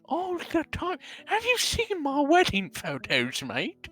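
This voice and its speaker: A man's voice: very high voice, wildly swooping pitch, takes it slowly, sharp tone, faint music behind. A man chatting in character during a tabletop role-play, stammering now and then and calling others "mate".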